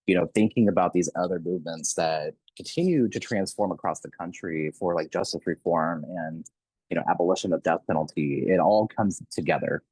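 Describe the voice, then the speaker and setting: A man's voice: sits low, a little fast, a little mellow, slightly rough, no echo, low-quality recording. A man hosting a podcast, speaking earnestly and with open emotion as he thanks his guests. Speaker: podcast host. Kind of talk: closing remarks of an interview.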